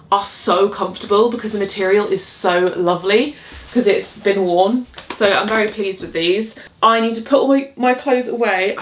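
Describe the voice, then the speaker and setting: A young woman talks to the camera at home in a relaxed vlog. She rambles cheerfully through her thoughts, full of fillers and asides, at a medium pitch. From England. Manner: chatty, upbeat, rambling with frequent fillers and laughs. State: out of breath. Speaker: vlogger. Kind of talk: casual chat. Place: home, cottage.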